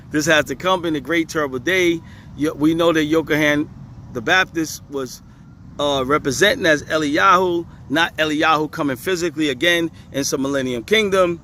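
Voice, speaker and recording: A man's voice: on the high side, bright, forceful tone, a little hiss or hum. A man teaching scripture in a casual video, repeating his points with emphasis and chuckling often. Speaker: religious teacher.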